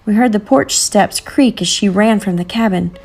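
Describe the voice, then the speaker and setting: A woman's voice: medium pitch, normal speed, darkish tone, soft background music. Woman reading a storybook aloud. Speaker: narrator.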